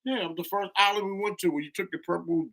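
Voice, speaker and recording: A man's voice: high voice, steady tone, quick pace, crowd noise. A man co-hosting a travel vlog, chiming in casually to back up his partner's story. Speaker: vlog co-host. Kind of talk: casual chat.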